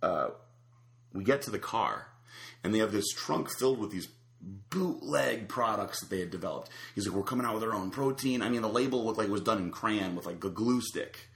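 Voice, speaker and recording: In an echoey room, a man with a fairly low, fairly quick voice and some vocal fry spins out a long anecdote. It's casual and animated, with lots of fillers and restarts.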